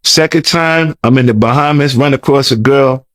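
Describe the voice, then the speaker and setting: A man's voice: mid-range voice, moderate pace, a bit bright, no room sound. Interview guest, male, rambling slangy storyteller with a mid-range voice, dry sound. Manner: rambling, repeats words, loose slangy talk. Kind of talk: casual storytelling.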